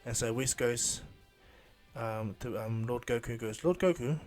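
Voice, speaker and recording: A man casually improvising a fan story retelling, rambling and halting with fillers. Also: mid-range voice, completely flat delivery, faint music behind.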